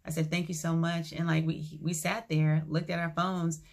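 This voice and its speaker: A woman with a low voice and a gravelly edge tells a personal story in a casual vlog. She acts out each line of dialogue as she retells it, and her delivery stays calm and reflective. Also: normal speed. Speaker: vlogger.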